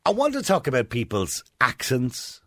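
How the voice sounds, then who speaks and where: A man's voice: mid-range voice, huge pitch swings, moderate pace, no echo, studio quality. A man in his sixties with a mild Dublin accent, hosting a chatty radio phone-in and putting questions to listeners. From Ireland. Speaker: radio presenter. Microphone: studio microphone.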